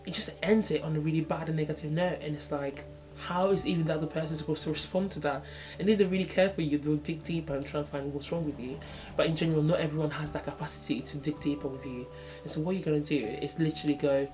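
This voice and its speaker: A woman's voice: sits low, fairly even intonation, a little fast, warm tone, faint music behind. Chatty young woman vlogging to camera. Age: 20s. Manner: chatty, reflective, lots of "you know what I mean"; acts out little dialogues in changed voices. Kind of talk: casual talk to camera.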